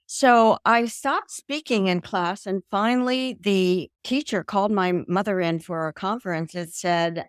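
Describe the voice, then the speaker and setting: Older woman, interview guest, animated storyteller, dry sound. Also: mid-range voice, measured pace, hardly any pauses, smooth, dry recording. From American South. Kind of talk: casual interview talk.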